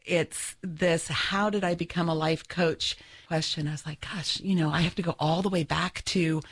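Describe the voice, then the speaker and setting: A woman's voice: on the low side, steady tone, moderate pace, breathy edge. A woman life coach, a guest on a radio show, speaking earnestly in conversation. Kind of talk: radio interview.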